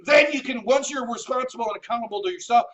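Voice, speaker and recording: A brash man with a very high, bright, forceful voice rants bluntly about failure and laziness, mocking and joking. He sounds set back from the mic, on a dull lo-fi recording. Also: fast talker, recorded from a distance. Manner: brash, mocking, jokey put-on accent. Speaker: host. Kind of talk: blunt motivational rant. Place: home office.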